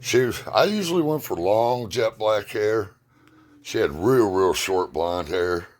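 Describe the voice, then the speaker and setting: A man's voice: on the low side, expressive, a little slow. A middle-aged man telling personal stories at home in a rambling, plain-spoken, profane way. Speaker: storyteller. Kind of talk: casual personal storytelling.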